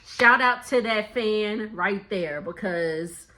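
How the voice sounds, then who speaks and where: A woman's voice: medium pitch, slow, sharp tone. A young woman chatting through a casual gossip recap, laughing often and quoting people in playful voices. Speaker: reality TV recap vlogger.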